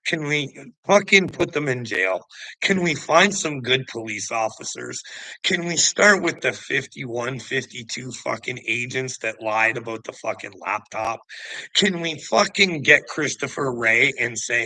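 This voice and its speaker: A man's voice: medium pitch, lively intonation, unhurried, pushed and bright, no room sound, low-quality recording. A man ranting casually, swearing often and rambling between thoughts. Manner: profane, rambling, laughs often. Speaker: host.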